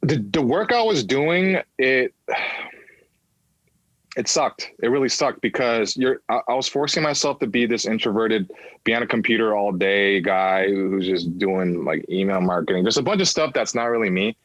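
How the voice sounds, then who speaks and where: A man's voice: lowish voice, normal speed, fairly bright tone, no echo, muffled recording. A man in his thirties, a podcast guest, telling his personal story candidly, swearing freely and acting out voices of people in it.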